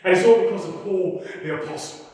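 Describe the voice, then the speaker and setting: In a theatre monologue, a male actor plays a defiant radical preacher, telling stories in an animated, mocking way and performing the voices. His voice is high-pitched, a little fast, and close to an everyday voice. It was recorded in an echoey performance hall with the mic far off.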